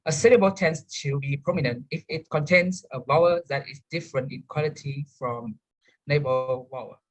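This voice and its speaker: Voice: mid-range voice, normal speed, poor audio. A young adult student giving a careful class presentation, with frequent restarts. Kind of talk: class presentation on English word stress.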